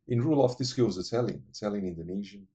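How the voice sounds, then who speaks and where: Brief: a low, husky-voiced man chatting casually about his favourite films. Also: fast, dark tone. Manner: rambling, enthusiastic, many fillers. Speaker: movie reviewer. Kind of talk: casual movie recommendations.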